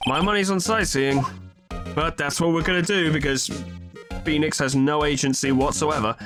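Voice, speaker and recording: A man's voice: a little high, steady tone, moderate pace. A man giving casual, joking and sarcastic commentary while playing a video game. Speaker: let's play host. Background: game music.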